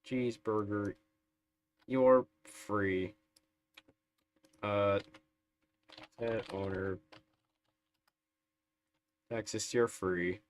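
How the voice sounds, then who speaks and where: A man's voice: on the low side, fairly even intonation, drawn-out words, pauses often, clean tone. A man streaming a strategy game live, chatting through it in a wry, sarcastic way. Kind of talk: live gameplay commentary.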